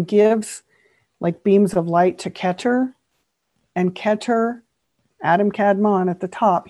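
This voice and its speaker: A woman's voice: on the low side, no room sound. A woman author on a podcast as a guest, earnestly explaining old teachings term by term. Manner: earnest, steady explainer who spells out terms.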